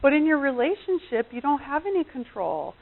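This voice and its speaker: A woman's voice: high voice, big pitch swings, brisk. A middle-aged woman coach giving a chatty seminar talk on relationships, often acting out the voices of people she quotes. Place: seminar room. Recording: tinny phone-like recording.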